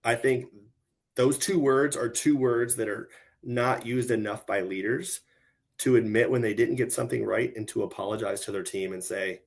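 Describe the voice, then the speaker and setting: A man's voice: medium pitch, normal speed. A middle-aged man who is a podcast guest, speaking in an earnest, reflective way with frequent "like" and "right?". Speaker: guest, retired military officer. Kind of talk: podcast conversation.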